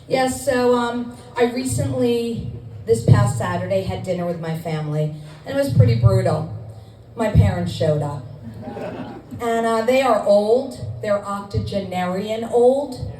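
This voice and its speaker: A woman's voice: medium pitch, unhurried, mellow. A middle-aged woman from Scarsdale doing a chatty, self-deprecating stand-up set, with ums and restarts. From Scarsdale, New York. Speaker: stand-up comedian. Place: comedy club stage with audience. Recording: echoey club from far off, faint noise.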